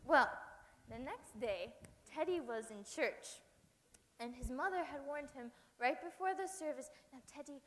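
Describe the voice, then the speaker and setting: A woman's voice: high voice, a little slow, a little hiss or hum. A woman telling a story expressively to a church audience. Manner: lively, expressive. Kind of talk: dramatic storytelling. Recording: reverberant hall.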